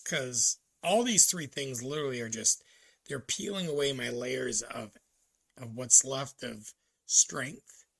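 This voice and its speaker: A man talking to camera in a casual personal vlog, halting and reflective, with many ums and restarts. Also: mid-range voice, vocal fry, fairly bright tone, slightly rough. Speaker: vlogger.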